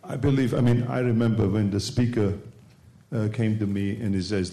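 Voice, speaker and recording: A man's voice: fairly low pitch, steady tone, normal speed, mellow. A man speaking as governor in a panel discussion, emphatic and repetitive, with frequent fillers.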